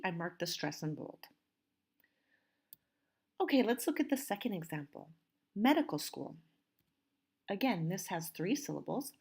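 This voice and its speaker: A woman teacher recording a pronunciation lesson, saying each word slowly and clearly. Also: medium pitch, darkish tone. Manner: slow, carefully enunciated modeling of words.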